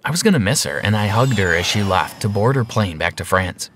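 Low, animated male storyteller. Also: fairly quick, slight background noise. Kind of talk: first-person animated story narration.

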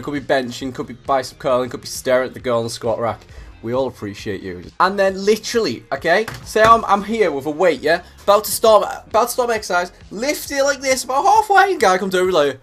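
Young guy, high-ish voice, profane animated comedy rant to camera. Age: young adult. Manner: animated, sweary, acts out scenes. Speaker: comedy vlogger.

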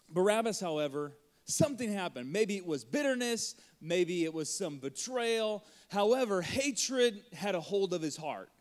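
A man in his forties, a pastor, preaching an Easter sermon with lively storytelling and jokes. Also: high voice. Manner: animated, acts out crowd voices and jokes. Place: church auditorium.

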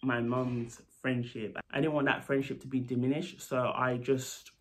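A man, a nurse, telling a story in a casual, animated vlog. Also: medium pitch, moderate pace. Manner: animated, lively retelling with asides. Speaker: storytelling vlogger.

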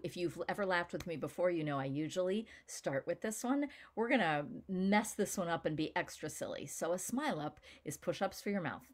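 A woman leading a live online laughter session, playful and coaxing, laughing often between her cues. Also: deep voice. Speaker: laughter yoga leader. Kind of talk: guided laughter exercise session.

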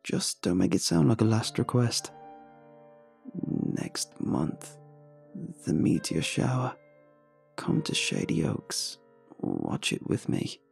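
A man voicing a frail, ghostly hospital patient woman who speaks in a soft, hushed way. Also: mid-range voice, animated, moderate pace, gravelly, few pauses, soft background music.

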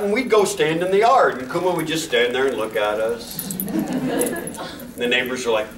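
High, lively man telling a funny story. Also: normal speed. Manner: animated storytelling with sound effects and laughter. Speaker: convention panel host. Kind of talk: humorous anecdote on a panel. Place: convention panel room. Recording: echoey hall, distant mic, room noise.

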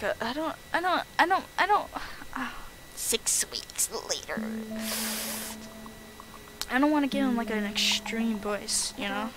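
A woman streaming a game, talking casually, halting and interrupting herself as she thinks. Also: a little high, fairly bright tone, poor audio. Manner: halting, self-interrupting, stammers while thinking. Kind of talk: casual gameplay commentary. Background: game music.

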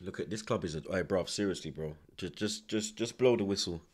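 A man's voice: sits low, brisk, hardly any pauses, husky. A man hosting a football watchalong, ranting with heavy swearing and street slang. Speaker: host.

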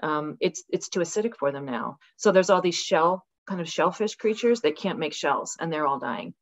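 A woman's voice: on the low side, normal speed, highs cut off. A woman guest author talking casually and animatedly in an interview over a video call from her rural home. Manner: animated, acts out voices with laughs.

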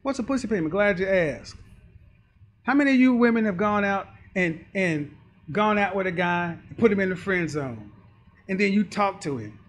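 A man's voice: sits high, expressive, normal speed. A man giving emphatic, preachy dating commentary, acting out the people he talks about. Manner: emphatic, preachy, acts out quoted voices. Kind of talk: lecturing commentary.

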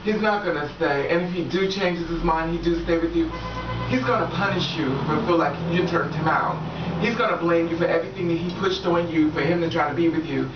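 Fairly quick and on the low side, this relationship-advice vlogger chats frankly with her viewers, often laughing and swearing freely. Echo, a distant dull mic, and faint background noise color the recording.

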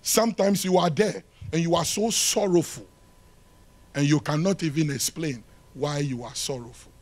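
A male pastor preaching a sermon in a church, swinging from loud shouted lines to hushed ones and acting out little dialogues. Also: fairly high pitch, moderate pace. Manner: acts out dialogue between lovers.

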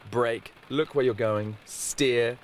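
A man's voice: steady tone, takes it slowly, a little hiss or hum. A man with an English accent, a celebrity race driver, chatting casually in an interview from the back seat of a car. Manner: chatty, self-mocking, quotes others in high voices.

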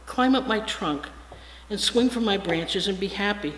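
A gentle giving tree, read aloud by a preacher. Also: medium pitch, expressive, measured pace. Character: gentle, selfless female apple tree. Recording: echoey hall, faint hiss.

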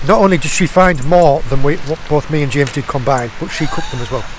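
A man's voice: fairly high pitch, brisk, a little hiss or hum. A man hosting a casual outdoor vlog, talking chattily into an action camera on a beach. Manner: chatty, upbeat sign-off. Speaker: channel host. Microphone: action camera mic.

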